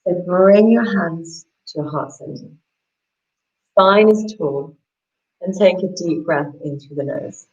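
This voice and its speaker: A woman yoga teacher guiding a class through stretches and a meditation mantra, in a slow, soothing and gently encouraging way. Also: fairly low pitch, dull audio. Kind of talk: guided yoga and meditation instruction.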